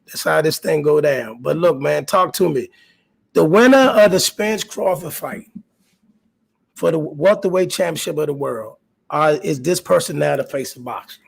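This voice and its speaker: Gravelly-voiced man hosting a boxing livestream. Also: fairly high pitch, normal speed. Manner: animated, repeats himself, talks to chat viewers. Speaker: host of a boxing talk livestream. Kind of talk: casual live-stream talk.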